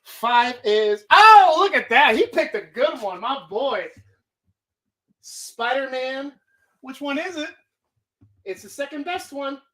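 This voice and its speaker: A woman's voice: high voice, lively intonation, slow pace, pauses often, sharp tone. Swearing, rambling woman streamer. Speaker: streamer host. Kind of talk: casual live-stream chat.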